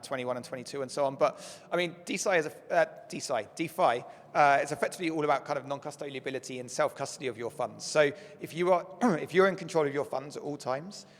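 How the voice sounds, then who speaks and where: A man speaking on a conference panel, explaining with lots of filler words, his voice going hoarse as he keeps clearing his throat. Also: mid-range voice. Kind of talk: panel discussion. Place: conference stage. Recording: echoey conference hall.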